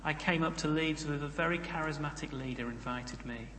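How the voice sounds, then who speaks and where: Here a man delivers his sermon in a chatty way, sprinkling in jokes along the way. His voice is a touch high, brisk, bright and forceful, captured with slight background noise in an echoey hall full of roomy reverb.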